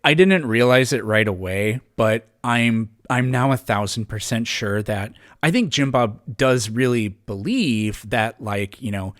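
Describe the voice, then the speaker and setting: A man in a relaxed podcast conversation, circling his point with lots of fillers, restarts and quick laughs. His voice sits at an ordinary middle pitch. The sound is dry and close, with little room around it. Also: dry recording. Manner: rambling, many restarts and fillers, laughs often. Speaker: podcast guest. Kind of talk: casual conversation.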